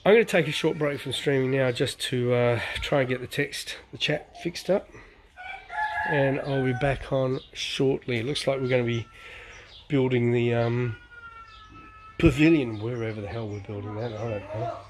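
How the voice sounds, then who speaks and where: A chatty man talks casually to viewers on a live stream. He points things out as he goes, exclaims often and swears lightly. His pitch sits in a middle range. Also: normal speed, noisy background.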